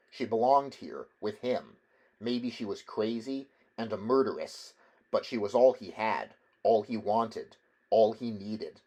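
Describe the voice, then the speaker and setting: Male audiobook reader, lowish voice, hushed intense delivery. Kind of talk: audiobook narration.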